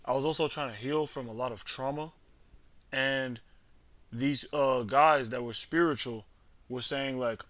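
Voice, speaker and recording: A young man rambling through a story in loose, slangy, profane talk, full of fillers and restarts. His voice is bright and crisp, and the sound is close and dry with no room echo. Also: mid-range voice, measured pace. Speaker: vlogger. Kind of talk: casual storytelling.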